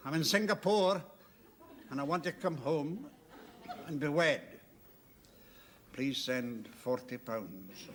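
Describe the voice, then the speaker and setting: An actor playing a dour older Scottish soldier with a Scottish accent, in a slow, theatrical 1970s sitcom style. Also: male voice, fairly high pitch, fairly bright tone, full character voice.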